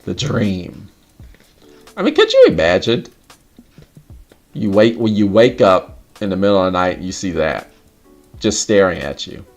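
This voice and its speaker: Man, livestream host, gravelly voice, lively swooping pitch, casual chat, faint music behind. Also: unhurried, pauses often. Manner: animated, laughing often, swearing casually.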